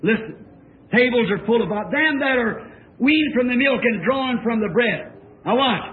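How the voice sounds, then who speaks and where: An older man preaching a fervent sermon that rises to shouts. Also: extremely high pitch, lively intonation, moderate pace, echoey room. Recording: tinny old lo-fi tape, congregation faint.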